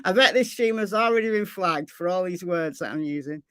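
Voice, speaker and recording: A woman's voice: lowish voice, a little fast, fairly bright tone, no room sound, studio quality. A woman from Lancashire with a Lancashire accent, hosting a casual true crime livestream and answering viewers' chat, often repeating her phrases. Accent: Lancashire English. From Lancashire, England. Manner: chatty, repeats phrases, reads chat aloud.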